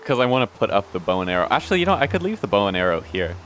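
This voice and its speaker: A man's voice: deep voice, rapid-fire, few pauses, fairly bright tone, slight background noise. A young man hosting a let's play, rambling through casual gameplay commentary, restarting sentences and swearing offhandedly. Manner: meandering, self-interrupting, swears casually. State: hiccuping.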